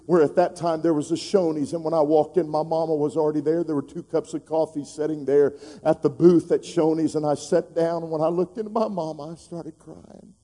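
A middle-aged man, preaching a sermon, telling an emotional personal story that builds to loud, fervent preaching. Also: fairly high pitch, fairly even intonation, fairly quick, hardly any pauses. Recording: long hall reverb.

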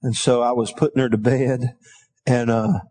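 A middle-aged man preaching a sermon, calling for responses from the congregation and telling folksy stories in a quieter aside voice. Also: flat delivery, moderate pace, husky. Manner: folksy storytelling, drops to a low aside. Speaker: pastor.

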